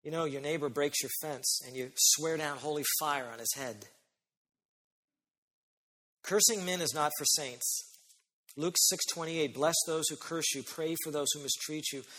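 A man preaching a sermon as pastor, emphatic, slowing down and stretching key phrases. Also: on the high side, a bit bright. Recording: long hall reverb.

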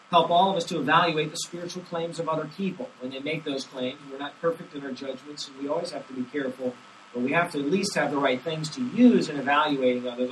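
A male pastor delivering an expository sermon, emphatic and slowing down to stress scripture. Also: medium pitch, pushed and bright. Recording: distant mic with faint hiss.

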